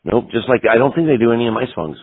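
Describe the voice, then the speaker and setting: A man's voice: medium pitch, big pitch swings, racing, slightly rough, dry recording. Interview guest, man in his 50s, rambling storyteller, dry close sound. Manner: rambling, profane, lots of "you know". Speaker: punk guitarist interview guest. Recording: tinny phone-like audio.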